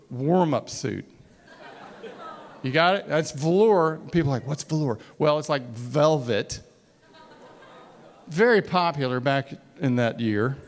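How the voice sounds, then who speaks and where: Animated man telling a stage story. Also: fairly high pitch. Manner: animated, self-mocking, acts out dialogue. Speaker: speaker. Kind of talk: storytelling talk to a live audience. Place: stage before a college audience.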